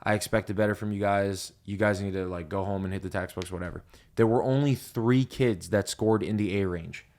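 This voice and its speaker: A young man hosting a podcast, telling stories in casual chat with lots of swearing and loud laughs at his own punchlines. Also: fairly low pitch, brisk. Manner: profane, animated storyteller, laughs loudly at punchlines. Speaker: podcast host.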